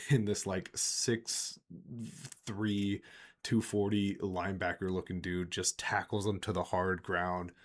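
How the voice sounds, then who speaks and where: A man's voice: low voice, little pitch movement, slow pace. A man hosting a podcast, telling a long story casually and laughing often. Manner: laughing often, rambling with fillers. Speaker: podcast host.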